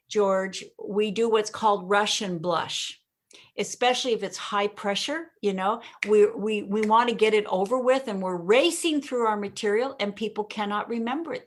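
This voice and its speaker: Female communication coach, podcast guest, emphatic pause-and-punch delivery. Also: medium pitch. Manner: often addresses the host by name. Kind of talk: podcast interview, coaching explanation.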